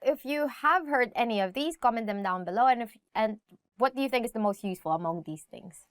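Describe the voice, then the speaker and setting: A woman with a Filipino accent hosting a casual spoken language lesson, chatty and laughing often, saying example phrases slowly. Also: fairly high pitch, lively intonation, clean tone, dry recording, clean studio sound. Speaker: language teacher host.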